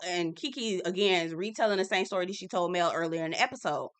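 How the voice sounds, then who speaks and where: A woman's voice: lowish voice, animated, fast talker, clean tone. A young adult woman hosting a casual, sassy recap of a reality show, talking straight to viewers and laughing often.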